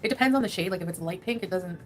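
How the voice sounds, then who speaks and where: A woman's voice: on the low side, rapid-fire. A woman livestreamer chatting casually with viewers, rambling and laughing at herself.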